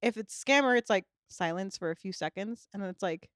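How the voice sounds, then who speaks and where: A woman's voice: mid-range voice, a little fast, a bit bright, no room sound, studio quality. A young woman co-hosting a casual podcast chat, giggling often and retelling funny videos with playful impressions. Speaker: podcast co-host.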